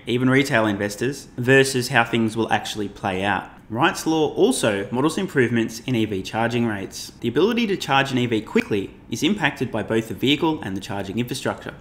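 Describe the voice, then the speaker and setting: A man's voice: medium pitch, a bit bright. A man hosting his channel, talking through presentation slides with emphatic, profane commentary and laughing at his own jokes. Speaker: finance YouTuber.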